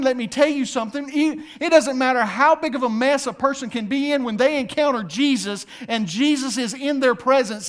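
High-voiced preacher swinging hushed to loud. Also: male voice. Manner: acts out voices while reading scripture. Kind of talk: sermon.

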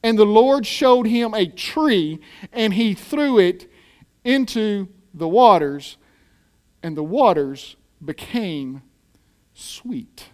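High-pitched guy preaching in church, lively, lots of rhetorical questions and little jokes. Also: slow pace. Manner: animated, rhetorical questions, playful asides. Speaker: pastor. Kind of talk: sermon. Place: church hall.

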